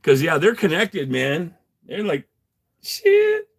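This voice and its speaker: A man's voice: mid-range voice, lively intonation, unhurried, fairly bright tone. A man livestreaming from his garage, chatting casually with viewers in a rambling, profane way, laughing often and answering chat. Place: home garage.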